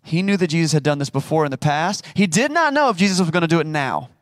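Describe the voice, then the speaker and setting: Higher-voiced man preaching casually. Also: expressive, fast talker, no room sound, studio quality. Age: adult, married. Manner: conversational, acts out quotes with playful asides. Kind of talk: casual sermon.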